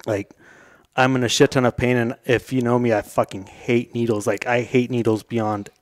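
A man's voice: medium pitch, level tone, moderate pace, no room sound, studio quality. A young man telling a story as a podcast guest, casually and loosely, swearing and laughing along. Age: young adult. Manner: laid-back, swearing, laughing through his story.

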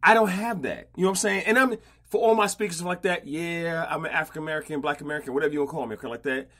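A man hosting a casual podcast interview, slangy and animated, often repeating himself. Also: on the high side, very fast. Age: older. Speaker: podcast host.

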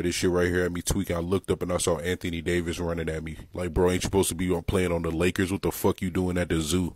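Deep husky-voiced young man riffing. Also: no room sound. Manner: slangy, profane, riffing on animals, bursts into loud excited yelling. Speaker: comedic TikTok narrator. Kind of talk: casual comedic voice-over.

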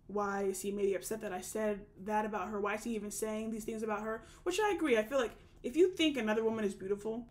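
A young woman chatting casually as she recaps a show, with lots of fillers and restarts. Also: mid-range voice. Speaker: recap vlogger. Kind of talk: casual reality TV recap chat.

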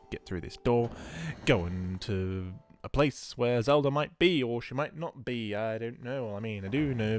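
A man giving casual let's-play commentary while sleepy and yawning, rambling and swearing freely. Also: mid-range voice. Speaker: gameplay commentator.

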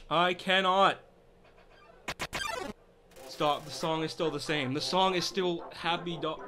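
A man streaming a game, reacting out loud with exclamations and swearing. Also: fairly high pitch, fairly even intonation, slow pace, pauses often, background noise. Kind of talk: live gameplay commentary.

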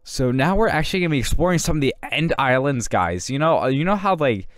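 Man doing a hype gaming youtuber, fast, "guys" every line, excited jumps, smooth clear voice. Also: mid-range voice, dry recording, close to an everyday voice. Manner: rushed, says "guys" constantly.

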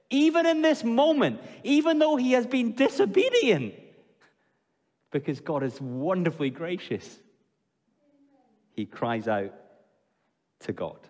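Man, preacher, sermon, high voice, expressive, asks questions, long church reverb. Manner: expressive, questions the congregation, drops low and slow for emphasis. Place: church hall.

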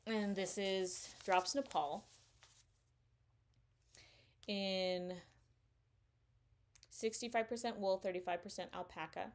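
With a steady tone and a slow pace, pausing often, a woman hosts a knitting podcast in her mid-range voice. She rambles a little with fillers, chatting casually and enthusiastically while showing her purchases.

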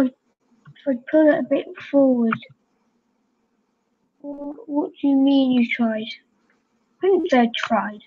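High-voiced excitable woman commenting on a game. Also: slightly rough. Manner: excitable, chatty, talks to fellow players. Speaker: gaming channel host. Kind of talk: casual gameplay commentary. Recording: dull lo-fi home recording.

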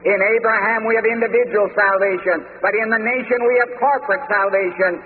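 A man delivers a measured, emphatic sermon in a fairly high voice. The recording is thin and tinny, as if through a phone line, with a long hall echo and a faint hiss underneath. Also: fairly even intonation. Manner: measured, emphatic preaching with scripture quotes. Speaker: preacher.

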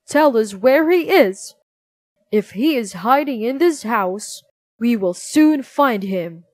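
Angry soldiers bellow at the children, as a woman reads them aloud. The voice is loud and blunt, with a slow pace. The sound is close and dry. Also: fairly high pitch, expressive, dry recording. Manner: loud, barking orders. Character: shouting angry male soldiers.

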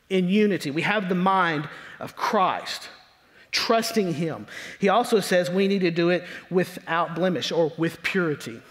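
A man preaching from the pulpit, his voice sitting high for a man as it rings through a church with a long, lingering reverb. He stretches out the words he wants to land, then drops low and grumbling when he imitates complainers. The sermon feels like steady, emphatic teaching. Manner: emphatic preaching with slow drawn-out stresses. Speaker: pastor. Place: church sanctuary.

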